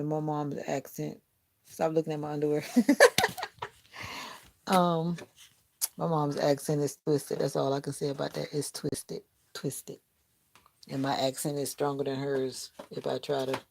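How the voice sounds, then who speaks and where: A woman's voice: low-pitched, little pitch movement, a little slow, gravelly, a little mellow. A middle-aged woman hosting a casual livestream from her bedroom, rambling and joking with her viewers. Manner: rambling, laid-back and joking. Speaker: livestream host. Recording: noisy home livestream.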